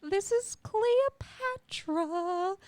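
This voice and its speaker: A woman putting on the spirit of an ancient queen, talking slowly and formally, in an improvised radio comedy. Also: very high voice, expressive, a little mellow, dry recording, heavily acted. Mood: regal. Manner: slow, grand and formal. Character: spirit of an ancient queen speaking through a medium. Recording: music playing behind.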